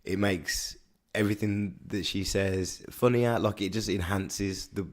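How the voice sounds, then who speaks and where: A man with a Birmingham accent chats on a podcast in a low voice. He rambles and repeats himself while he works out what he means. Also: steady tone, unhurried. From Birmingham, England. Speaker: podcast co-host. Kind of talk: casual chat.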